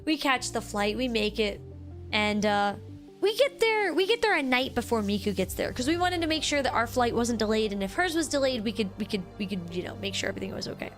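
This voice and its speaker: A young woman streamer telling a story to her chat in a casual, animated way, restarting sentences often. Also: a little high, fairly quick, soft background music. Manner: animated, excitable, lots of restarts and "like".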